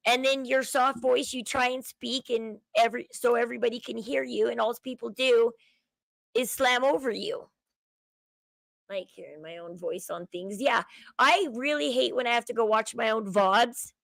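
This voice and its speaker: A woman's voice: on the high side, moderate pace, vocal fry, fairly bright tone, no echo, low-quality recording. A woman with a Southern accent, livestream host chatting casually to her viewers, with a chatty valley-girl way of talking.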